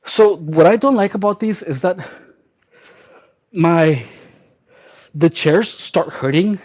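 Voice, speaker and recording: A man's voice: on the high side, animated, slow pace, pauses often, darkish tone. A man vlogging his workout, counting reps aloud while straining and joking in a sarcastic, mock-girly persona. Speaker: fitness vlogger. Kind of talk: casual workout chatter. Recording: dull lo-fi sound.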